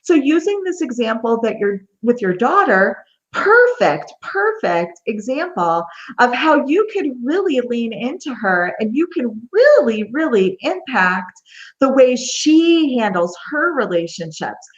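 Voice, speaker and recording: An earnest woman coach answers interview questions, her pitch rising and falling a lot as she repeats key phrases for emphasis. Her audio sounds a bit muffled and dull. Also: sing-song, unhurried. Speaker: relationship coach, guest.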